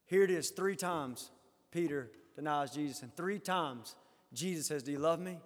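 A high-pitched man delivers a sermon, lifting his voice loud on the scripture he quotes and falling low and quiet on his own remarks. His words ring out with a long reverb, as if across a large church sanctuary. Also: normal speed. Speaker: preacher.

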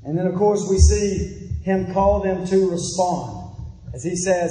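Guy preaching a sermon, kinda high voice, emphatic, lots of echo like a big church hall. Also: unhurried, mellow, slight background noise. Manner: emphatic, repeats phrases, addresses the congregation directly. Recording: echoey hall with long reverb.

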